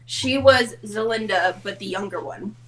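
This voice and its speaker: A woman's voice: medium pitch, normal speed, a bit bright, low-quality recording. A woman from Australia telling a rambling story in a casual group chat, laughing often.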